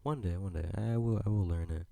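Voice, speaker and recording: A man's voice: low-pitched, fairly quick, gravelly, dark tone, no room sound. A young man hosting a solo podcast, rambling in a laid-back way and swearing freely. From United States. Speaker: podcast host. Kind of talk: solo casual podcast chat.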